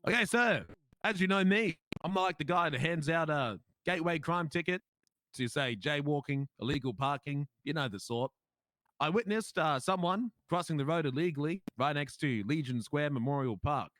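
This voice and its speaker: A man's voice: fairly high pitch, normal speed, fairly bright tone, no room sound. A man with an Australian accent playing a police officer in a role-play game, telling his story in an indignant, emphatic way.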